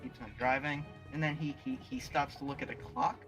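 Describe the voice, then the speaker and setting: Over music, a young man with a mid-range, fairly evenly intoned voice talks fairly quickly in an online virtual world chat. He's casually retelling a movie scene, rambling with many fillers and restarts.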